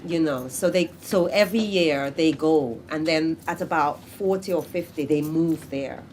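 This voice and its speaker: A woman poet answering questions at a literary event, telling lively stories and acting out family voices. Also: sits low, normal speed, slight background noise. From Britain, of Grenadian family. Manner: animated storytelling, acts out family voices. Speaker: poet in conversation. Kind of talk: casual literary Q&A talk.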